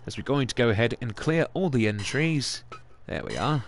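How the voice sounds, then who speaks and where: A man giving theatrical, excitable play-by-play wrestling commentary. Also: medium pitch, normal speed, slight background noise. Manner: excitable, theatrical announcer delivery.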